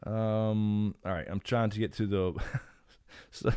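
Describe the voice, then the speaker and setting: A man with a smooth, fairly low voice chats loosely through a live stream Q&A, greeting viewers and wandering between thoughts with plenty of fillers. The sound is dry and close, with no room around it. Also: steady tone, slow, mellow, dry recording. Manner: rambling, reads chat names aloud, frequent fillers. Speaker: YouTube channel host. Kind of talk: casual live stream Q&A chat. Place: home.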